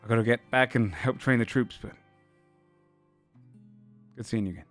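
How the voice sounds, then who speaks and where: A man voicing an easygoing male soldier trainer who says quick, casual goodbyes. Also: medium pitch, a bit bright, faint music behind, close to an everyday voice. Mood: friendly.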